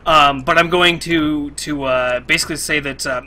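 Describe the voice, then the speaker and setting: A man playing a tabletop role-playing game, chatty and trailing into quieter asides. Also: on the high side, fairly even intonation, normal speed, hardly any pauses. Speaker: player. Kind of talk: casual game chat.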